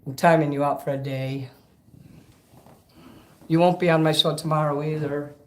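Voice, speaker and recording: A man's voice: fairly high pitch, steady tone, normal speed, a bit bright. A man ranting profanely and rambling in a casual livestream between karaoke songs. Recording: echoey room over karaoke backing music.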